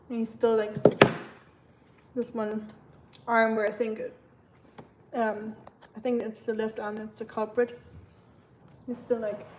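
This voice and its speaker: A woman hosting a casual live cooking stream, chatting with viewers in a relaxed way. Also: on the high side, noisy background. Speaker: livestream cooking host.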